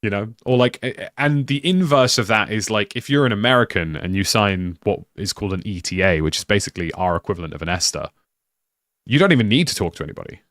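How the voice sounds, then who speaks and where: Rambling British man, low and dry. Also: lively intonation, quick pace, a bit bright, no room sound. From United Kingdom. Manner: rambling, full of "like" and restarts. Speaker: streamer. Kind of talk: casual live-stream chat.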